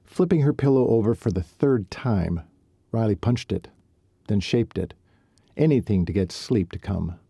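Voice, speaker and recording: A man narrating a romance novel as an audiobook, in calm, even storytelling. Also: on the low side, normal speed, creaky, husky, no echo, clean studio sound.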